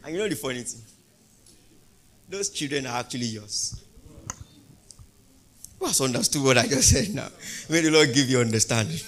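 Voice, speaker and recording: A male pastor preaching a sermon, asking the congregation questions and building to loud, emphatic peaks. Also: medium pitch, lively intonation, normal speed, long pauses, slight background noise.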